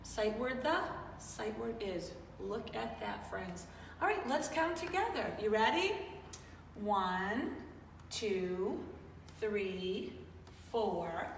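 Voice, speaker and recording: Slow sing-song teacher woman, echoey room. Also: mid-range voice, a little hiss or hum. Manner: sing-song, upbeat, coaxing children along. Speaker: kindergarten teacher. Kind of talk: online class lesson for young children. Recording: roomy echo, distant mic, faint ambience.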